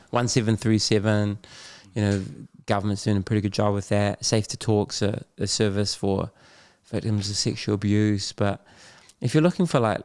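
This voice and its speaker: A man's voice: on the low side, darkish tone, smooth, dry recording, studio quality. A middle-aged man with a New Zealand accent, talking candidly and loosely as a podcast guest, with slang and laughs. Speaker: podcast guest, Muay Thai champion. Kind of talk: candid casual conversation.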